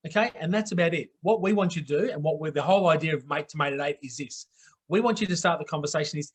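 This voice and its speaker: This host, a middle-aged Australian man running a live online talk show, talks fast in a high voice with a breathy edge. His manner is blokey and down-to-earth, and he keeps tossing in "okay?" to drive points home.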